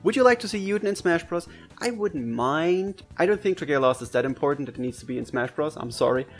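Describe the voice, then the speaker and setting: A man from Germany with a German accent, casually answering viewer questions for his gaming channel, chatty and quick to laugh, his pitch jumping up when excited. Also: soft background music. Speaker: gaming video creator.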